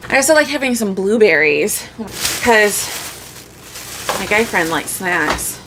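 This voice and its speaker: A woman in her forties talks casually to camera as a vlogger, in a voice of middling pitch. She rambles and stops herself often, full of fillers. Clear background noise runs under the recording. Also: animated, a little slow. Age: 40s.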